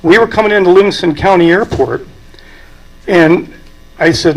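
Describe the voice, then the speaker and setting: An older man, the president of an aviation club, eulogizes at a memorial through folksy anecdotes, chuckling at his own stories. He has a high voice and a moderate pace, pausing often. The recording sounds rough.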